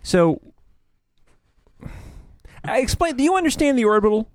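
A man's voice: very high-pitched, very animated, moderate pace, no room sound, clean studio sound. A male host in a casual chat, asking eager follow-up questions.

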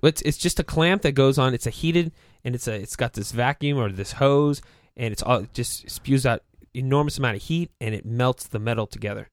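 A man's voice: medium pitch, fairly quick, few pauses, dry recording. Laughing man telling a work story. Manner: laughing, acts out coworkers' lines. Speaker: guest. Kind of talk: casual storytelling.

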